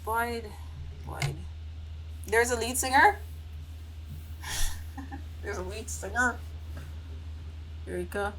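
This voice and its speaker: A woman's voice: a little high, extremely slow, pauses often, fairly bright tone, slight background noise, rough recording. A young woman hosting a casual live-stream reaction, playful and exclaiming as she talks straight to her viewers.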